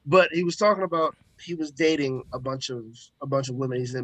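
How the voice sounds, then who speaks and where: A man's voice: mid-range voice, brisk, hardly any pauses, a bit bright, dry recording. A man with a Southern US accent, co-hosting a casual podcast and telling folksy sayings in a laid-back way. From American South. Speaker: podcast co-host. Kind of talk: casual chat.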